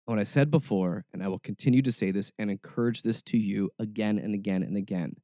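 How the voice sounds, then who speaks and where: A man's voice: fairly low pitch, fast, hardly any pauses, mellow, dry recording, studio quality. A man hosting a faith podcast, talking emphatically with sarcastic asides. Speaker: podcast host. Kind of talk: podcast commentary.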